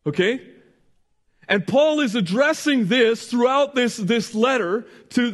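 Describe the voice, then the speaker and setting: High-voiced pastor preaching in a reverberant hall. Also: male voice. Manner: earnest, asks the congregation questions; frequent restarts and "right?" checks. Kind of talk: sermon.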